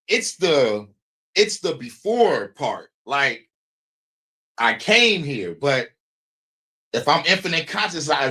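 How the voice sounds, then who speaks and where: A man is talking on his own livestream, loose and rambling, swearing freely and laughing between thoughts. His voice sits high and bright, and it swings up and down with lots of expression. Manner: rambling and profane, with frequent laughs. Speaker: streamer host. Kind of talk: casual livestream monologue.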